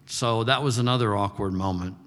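A man's voice: on the low side, brisk, a bit bright, big-room sound. A man preaching a sermon as pastor, reading scripture and talking in a conversational way with playful asides.

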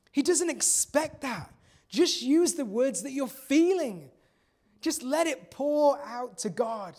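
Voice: medium pitch, darkish tone. A preacher giving a sermon in an earnest, conversational way, repeating key phrases for emphasis.

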